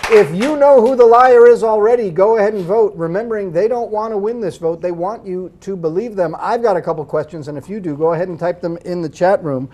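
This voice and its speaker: A man's voice: high-pitched, fairly quick, few pauses, darkish tone, a little hiss or hum. Wry male game show host. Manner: quippy, wry asides. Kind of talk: web show hosting.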